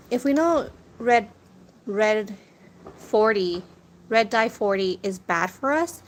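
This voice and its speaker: A young woman chatting casually to her viewers as a food vlogger, telling stories, swearing now and then and laughing often. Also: fairly high pitch. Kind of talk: casual chat to a live audience. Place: outdoors near a corner store. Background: wind and birds.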